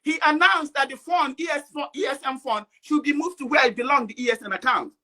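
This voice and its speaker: An upset woman caller giving an impassioned speech, agitated and often shouting out rapid questions. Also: high voice.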